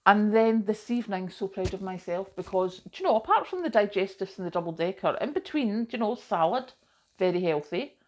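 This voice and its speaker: A middle-aged woman with a medium-pitched, animated voice talks a little fast in a chatty vlog to camera, with slight hiss or hum in the audio. She rambles, makes fun of herself, adds asides, and often says "do you know".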